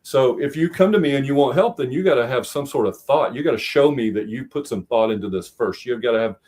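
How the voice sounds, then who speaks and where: A middle-aged American man with a husky, slightly breathy voice tells rambling stories as a guest on a casual streamed chat. He restarts his sentences often and acts out the people he quotes. His pitch sits in an ordinary male middle range. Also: quick pace, a little mellow. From United States. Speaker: guest, high school teacher and veteran.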